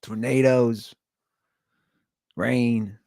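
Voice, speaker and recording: A man's voice: medium pitch, steady tone, drawn-out words, creaky, a little mellow, no room sound, studio quality. A tired man hosting a podcast, talking in a blunt, rambling casual monologue full of restarts. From Cincinnati area. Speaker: podcast host.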